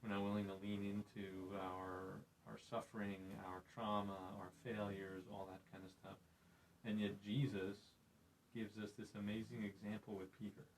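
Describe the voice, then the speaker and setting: A man's voice: fairly low pitch, little pitch movement, normal speed, slight background noise, poor audio. A man hosting a faith podcast, reflective and preacherly, retelling Bible scenes in conversation. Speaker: podcast host.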